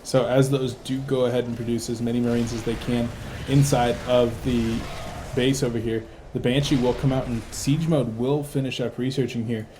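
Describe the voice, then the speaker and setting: A tired man casting a video game match live, with rapid play-by-play and excitable bursts. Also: medium pitch, noisy background. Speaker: play-by-play esports caster.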